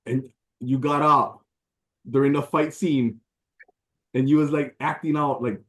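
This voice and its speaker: A man's voice: medium pitch, steady tone, a little slow. Easygoing man with Hawaiian Pidgin accent. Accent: Hawaiian Pidgin English. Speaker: host. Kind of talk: casual chat.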